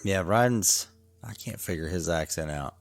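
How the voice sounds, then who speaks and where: A man's voice: sits low, moderate pace, dry recording. A man hosting a podcast, asking curious, chatty questions in a casual interview. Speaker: podcast host.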